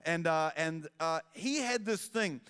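A man preaching a sermon as pastor, animated storytelling with self-deprecating asides. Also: fairly high pitch, unhurried, clean tone, big-room sound.

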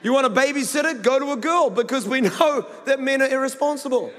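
A New Zealand man preaching from the stage, his voice sitting high for a man. He talks in a loose, joking, story-driven way. The sound rings with the long tail of a big hall. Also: a little fast, background noise. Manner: conversational, humorous storytelling. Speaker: pastor. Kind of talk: sermon.

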